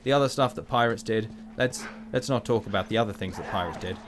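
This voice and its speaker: A man's voice: on the low side, fast talker, heavy background noise. A man giving playful, chatty let's play commentary, joking to himself as he plays. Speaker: gamer.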